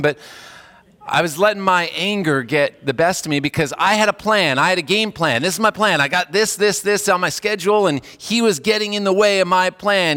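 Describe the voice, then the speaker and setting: A man's voice: pushed and bright, smooth, long reverb tail. A man, a hospice chaplain, giving a casual, conversational sermon and acting out the people he quotes. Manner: conversational, acts out quoted voices with jumps in pitch.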